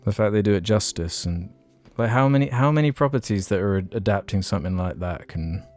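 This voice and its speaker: A man's voice: lowish voice, brisk, darkish tone, soft background music. A man co-hosting a casual podcast, rambling with lots of fillers as he chats and reads out listener questions. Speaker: podcast co-host.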